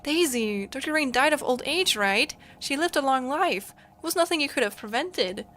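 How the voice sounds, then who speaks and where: A woman reading as a gentle young engineer. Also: sits high, lively intonation, moderate pace, pitched above the performer's own voice. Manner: soft, coaxing questions.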